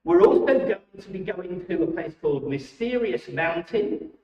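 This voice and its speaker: A man with a high voice leads children's warm-ups for a church holiday club. He talks in an enthusiastic, encouraging, exclamatory way. He sounds far from the mic in an echoey church hall, and the recording is dull. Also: sing-song, moderate pace, vocal fry. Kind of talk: leading a children's warm-up and briefing.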